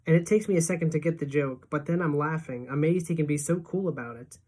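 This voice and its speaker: A woman teacher reading a novel aloud to her class in a lively storytelling manner. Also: low voice, fast talker.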